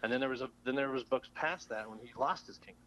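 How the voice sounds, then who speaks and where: A man's voice: medium pitch, fast, sharp tone, rough recording. A man co-hosting a casual movie podcast, enthusiastic and rambling. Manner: enthusiastic, rambling, many fillers and swearing. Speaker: podcast co-host.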